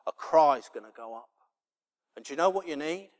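A middle-aged man preaching a sermon, telling a family story that builds to loud, impassioned preaching. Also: a little high, expressive, moderate pace.

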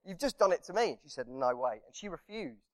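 A man delivers a sermon in an easy, anecdotal way, often breaking into a light laugh. His voice sits a little higher than most men's. He talks to the congregation as if chatting with friends. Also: very animated, brisk. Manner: anecdotal, chuckling, conversational. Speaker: preacher.

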